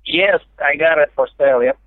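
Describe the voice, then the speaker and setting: A man with a Russian accent, answering a phone call as a seller, replying in hesitant, halting bits. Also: fairly high pitch, dry recording. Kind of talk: phone conversation. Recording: tinny phone line.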